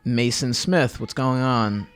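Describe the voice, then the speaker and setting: A man's voice: medium pitch, slow pace, clear, resonant tone. A young man hosting his own podcast livestream, chatting loosely to viewers with fillers, tangents and plugs for his channels. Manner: rambling, loose, with fillers and self-promotion. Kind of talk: casual livestream chat to viewers.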